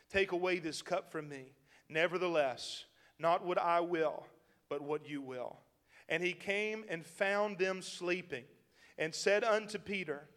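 A man delivers a sermon in a folksy, emphatic way, breaking into chuckles as he drives his points home. His voice sits a little high for a man. It rings out with a long reverb through a church hall. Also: moderate pace, a bit bright. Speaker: pastor.

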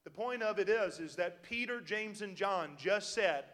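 A man's voice: sits high, lively intonation, unhurried, a bit bright. A man preaching a sermon as pastor, with an emphatic, chuckling delivery. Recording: long hall reverb.

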